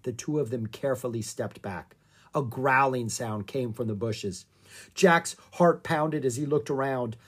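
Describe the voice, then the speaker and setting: An audiobook reader narrating a children's book in a calm, even storytelling manner. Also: medium pitch, a little slow, husky.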